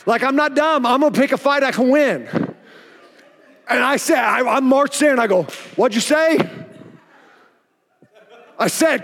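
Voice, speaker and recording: A pastor with an Oklahoma accent preaching a sermon, telling a story with animated delivery and acting out the exchanges himself. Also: male voice, extremely high pitch, gravelly, big-room sound. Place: church auditorium.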